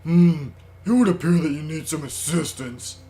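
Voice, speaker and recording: A man's voice: on the high side, dark tone, close to an everyday voice. Man doing a smug villainous bird doctor. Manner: measured, smug, slow and deliberate. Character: calm sinister male bird doctor villain. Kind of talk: reading game dialogue aloud.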